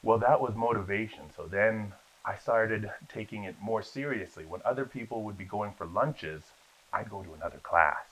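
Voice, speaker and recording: Low-voiced man telling animated stories. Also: normal speed, breathy edge. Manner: animated storyteller, acts out voices in his anecdotes. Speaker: guest, actor. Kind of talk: storytelling in a casual interview. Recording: dull lo-fi sound.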